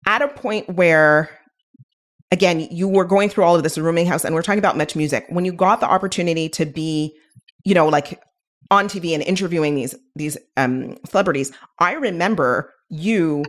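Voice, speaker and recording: A woman's voice: fairly low pitch, moderate pace. A woman hosting a podcast interview, asking questions in a chatty way, often adding "like" and "right?". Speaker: podcast host. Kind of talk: casual interview chat.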